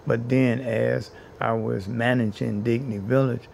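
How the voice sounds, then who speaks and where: A man's voice: medium pitch, fairly even intonation, measured pace, vocal fry, a little mellow, slight background noise. A man being interviewed as a housing activist, telling his story in an earnest way and building his points by repeating phrases.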